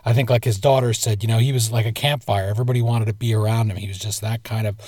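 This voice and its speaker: A man's voice: on the low side, steady tone, fast, a little mellow, no echo. A man co-hosting a casual talk show, telling stories in a reflective, chatty way. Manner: storytelling, reflective, with occasional laughs. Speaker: podcast co-host. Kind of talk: casual conversational chat.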